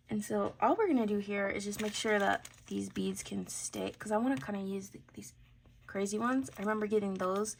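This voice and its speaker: Woman hosting a craft tutorial, gravelly creaky voice, casual chatty talk, faint hiss behind. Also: medium pitch. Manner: chatty, thinking aloud, drifting into soft mutters. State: has the hiccups. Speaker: jewelry-making channel host.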